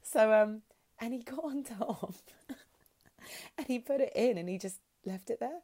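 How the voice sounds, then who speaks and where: A woman's voice: fairly high pitch, a little slow, warm tone. A woman, co-hosting a podcast and telling frank stories with lots of laughter. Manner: frank, giggly storytelling. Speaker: podcast co-host. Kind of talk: casual chat.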